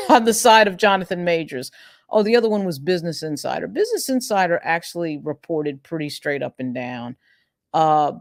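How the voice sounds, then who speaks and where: A woman's voice: sits low, no echo. Woman commentary host, emphatic and list-driven, dry close sound. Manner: emphatic, builds arguments through long lists. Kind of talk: legal news commentary.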